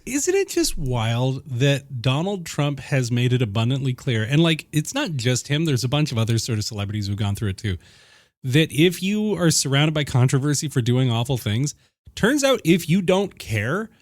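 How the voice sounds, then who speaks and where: A man's voice: mid-range voice, very animated, moderate pace, dry recording, clean studio sound. A man hosting a political podcast, chatting casually with sarcastic asides and mocking mini-impressions. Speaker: podcast host.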